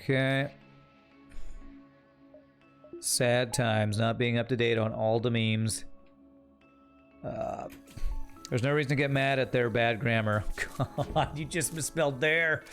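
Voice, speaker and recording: A man's voice: mid-range voice, fairly even intonation, takes it slowly, pauses often, soft background music. A young man streaming a game, casually commenting on play and teasing his chat in a wry way. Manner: wry, teasing, talks to chat while playing.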